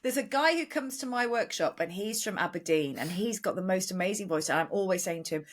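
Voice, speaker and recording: A woman's voice: medium pitch, lively intonation, fairly quick. A woman co-hosting a podcast, playful and enthusiastic in casual chat. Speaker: podcast co-host.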